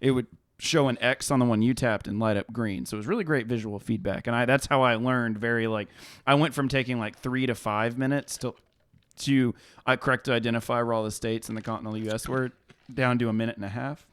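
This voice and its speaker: A man's voice: mid-range voice, fairly even intonation, fairly quick, a bit bright, smooth, dry recording. A young man co-hosting a casual podcast, rambling and correcting himself as he goes. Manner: rambling, full of fillers and self-corrections. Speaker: podcast co-host. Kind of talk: casual chat.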